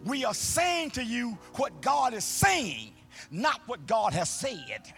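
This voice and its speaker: High-pitched, animated preaching man. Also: slow, gravelly, soft background music. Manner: call-and-response, sing-song preaching with swells to shouting; folksy, colloquial phrasing. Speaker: pastor. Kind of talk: preaching a sermon. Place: church sanctuary, live service.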